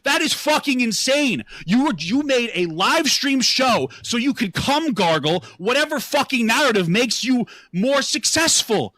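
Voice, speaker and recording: Male streamer, very high voice, bright, ranting and swearing, sarcastic, dry sound. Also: very animated, a little slow, few pauses, no echo. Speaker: livestreamer. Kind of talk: angry live commentary.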